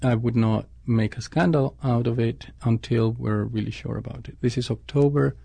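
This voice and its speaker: A man's voice: mid-range voice, fairly even intonation, normal speed, gravelly, mellow, no room sound. A man, a scientist, answering interview questions thoughtfully, often restarting his sentences. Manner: thoughtful, with frequent restarts and self-corrections.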